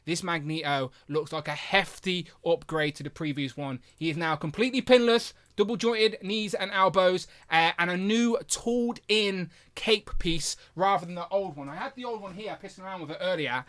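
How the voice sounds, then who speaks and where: A man's voice: high-pitched, normal speed, hardly any pauses. A man hosting a live stream, chatting casually and enthusiastically with lots of fillers. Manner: animated, with big jumps in loudness. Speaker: host of a toy review live stream.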